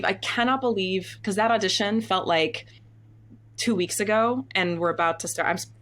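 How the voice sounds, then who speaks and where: A woman in her thirties, a stage actress, telling stories in an interview in a candid, animated way, acting out quotes and laughing often. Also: medium pitch, moderate pace. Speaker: guest, Broadway actress.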